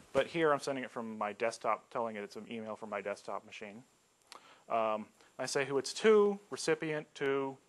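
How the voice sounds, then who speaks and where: A man giving a casual technical lecture, relaxed and joking, with frequent ums. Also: lowish voice. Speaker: campus IT staff giving a colloquium talk.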